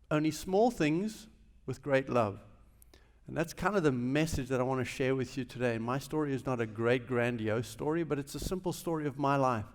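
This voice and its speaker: A man from South Africa with a South African accent, giving a personal testimony as a guest speaker at a chapel service. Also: medium pitch. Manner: animated storytelling with sudden shifts in loudness. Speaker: guest speaker, business leader. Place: large auditorium. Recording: long hall reverb.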